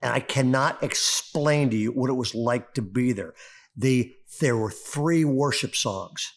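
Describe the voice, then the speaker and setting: A middle-aged male pastor preaching a sermon, telling a story with rising excitement. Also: medium pitch, measured pace. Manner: animated storyteller, voice climbing when excited.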